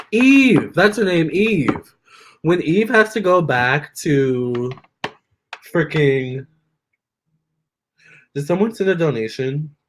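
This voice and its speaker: A man's voice: a little high, very slow, pauses often, a little hiss or hum. Chatty man on a live stream. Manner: chatty and expressive, addresses viewers directly. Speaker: live-stream tarot reader. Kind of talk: casual live-stream chat with viewers.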